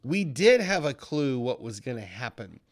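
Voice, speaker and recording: Animated man explaining trading charts. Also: medium pitch, normal speed. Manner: animated, mimics panicky traders in quoted asides. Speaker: trading educator. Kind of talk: casual screen-share market explainer.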